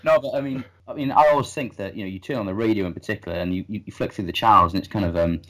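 A man's voice: on the low side, rapid-fire, fairly bright tone, rough recording. A man hosting a podcast in casual chat, blunt and opinionated, putting questions to his guest. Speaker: podcast host.

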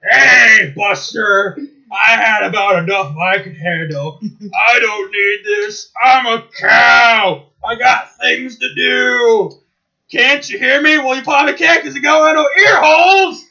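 A man's voice: very high-pitched, sing-song, takes it slowly, long pauses, sharp tone, highs cut off, pitched above the performer's own voice, exaggerated voice. A man voicing a cranky, sarcastic cartoon mantis sidekick who shrieks and rants. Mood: shrill ranting. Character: shrill, cranky insect sidekick, male, mantis-like.

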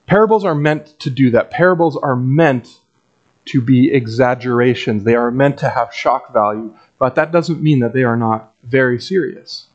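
A man's voice: mid-range voice, normal speed, highs cut off. A man preaching a sermon as a pastor in a conversational, wry way with dry asides.

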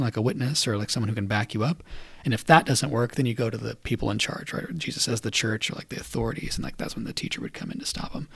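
Quick-talking priest retelling a story. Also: male voice, medium pitch, dry recording. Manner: conversational, animated retelling with fillers. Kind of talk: casual retelling and teaching.

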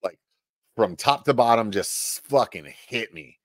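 A middle-aged man telling a story casually on a podcast, animated, with lots of filler words and cursing. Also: mid-range voice, a little slow, no room sound. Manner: animated, swearing, many "like" fillers. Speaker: podcast guest.

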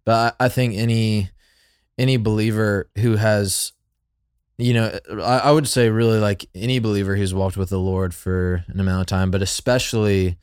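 A man co-hosting a casual faith podcast, speaking in a calm, affirming, thoughtful way. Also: lowish voice, moderate pace, smooth, no echo, clean studio sound. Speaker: podcast co-host.

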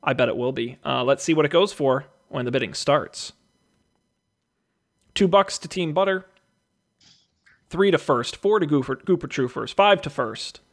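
High-voiced man auctioneering movie bids. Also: normal speed, long pauses. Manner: jokey, rattles off bids like an auctioneer. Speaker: host running a movie draft auction. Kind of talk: casual podcast chat.

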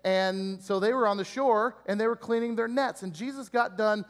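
A man with a high, bright voice preaches earnestly to his congregation and builds his points through emphatic repeated lists. His voice carries a long reverb from the church hall. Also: moderate pace. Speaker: pastor. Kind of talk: sermon.

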